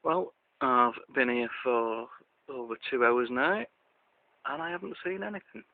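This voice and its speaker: A man rambling through an outdoor video diary in a dry, self-mocking way. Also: medium pitch. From Lancashire, England. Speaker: vlogger. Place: outdoors at a country park. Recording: tinny, lo-fi with faint hiss.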